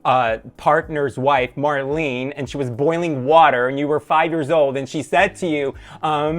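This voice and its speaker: A man hosting a podcast interview, enthusiastic and full of quick affirmations. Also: a little high. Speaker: podcast host. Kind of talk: casual interview.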